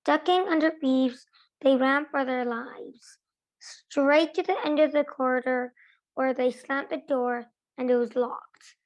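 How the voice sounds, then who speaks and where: Slow high-voiced woman reading aloud. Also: low-quality recording. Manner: careful, steady read-aloud with small self-corrections. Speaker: reader.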